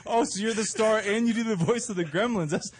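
A man's voice: sits high, a little fast, slight background noise. A man co-hosting a podcast in casual comedic chat, placating and upbeat with hesitant restarts. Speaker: podcast co-host.

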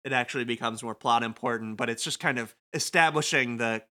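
A man's voice: mid-range voice, brisk, bright, forceful tone. A young man co-hosting a podcast, recapping a video game in rambling, casual chat and laughing often. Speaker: podcast co-host.

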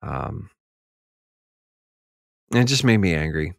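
A man's voice: low voice, sing-song, slow, creaky, dry recording, studio quality. A man talking on a casual podcast, rambling with lots of filler words and getting heated as he goes. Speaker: podcast speaker.

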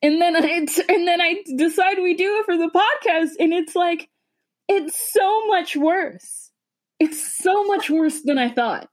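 A woman co-hosting a podcast, recapping a bad movie in a casual, halting and exasperated way. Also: very high-pitched. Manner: halting, stumbling restarts, exasperated. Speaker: podcast co-host. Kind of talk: casual movie review chat.

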